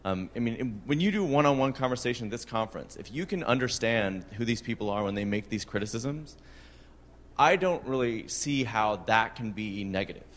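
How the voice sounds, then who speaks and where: A man's voice: mid-range voice, expressive, a little fast. A man making reflective remarks at a conference open mic, with fillers. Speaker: conference attendee. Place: large conference room. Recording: long hall reverb.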